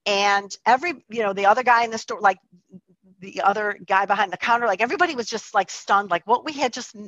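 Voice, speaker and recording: A woman's voice: mid-range voice, fast, a bit bright, no echo, lo-fi sound. A woman telling a personal testimony in a chatty way, full of likes and restarts. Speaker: storyteller.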